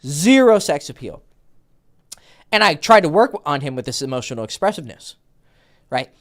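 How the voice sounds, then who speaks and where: A man's voice: fairly high pitch, normal speed. A man hosting a dating advice Q&A as a coach, talking casually with lots of swearing and acted-out dialogue. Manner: animated, profane, acts out quoted dialogue.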